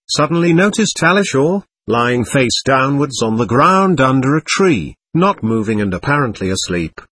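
A man narrating a classic novel as an audiobook in a measured, expressive reading. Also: medium pitch, breathy edge, no room sound. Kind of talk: scripted narration.

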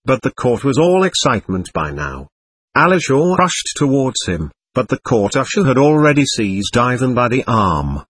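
Male audiobook narrator; husky, expressive, dry close sound. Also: medium pitch, normal speed, no echo. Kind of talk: scripted narration.

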